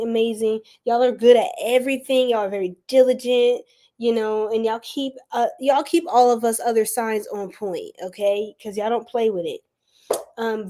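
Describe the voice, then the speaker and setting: Woman, higher-pitched voice, casual livestream tarot reading, chatty, animated. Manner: chatty, animated, laughs often, says y'all. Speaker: tarot and astrology reader.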